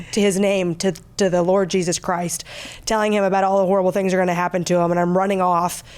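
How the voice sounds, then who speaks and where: A woman in her twenties, a podcast co-host, telling a story in animated casual chat. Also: medium pitch, clear, resonant tone.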